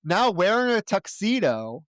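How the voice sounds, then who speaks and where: A man's voice: sits high, sing-song, unhurried, a bit bright, dry recording, clean studio sound. A man co-hosting a film review podcast, swearing freely and sounding exasperated as he recounts scenes. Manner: profane, exasperated, mocks characters' lines. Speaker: podcast co-host. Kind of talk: casual film review chat.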